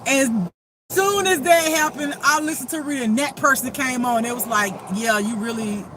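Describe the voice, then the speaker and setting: A woman's voice: high-pitched, normal speed, fairly bright tone, slight background noise. A woman who reads tarot as a spiritual reader, talking to viewers in a blunt, profane, laughing rant. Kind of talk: casual unscripted monologue to viewers.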